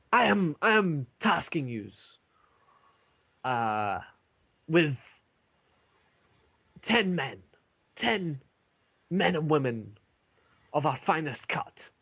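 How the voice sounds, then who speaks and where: A man voicing a stern male dwarf commander who gives booming, drawn-out orders. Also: very animated, creaky, fairly bright tone, husky, full character voice. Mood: commanding. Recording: lo-fi online call.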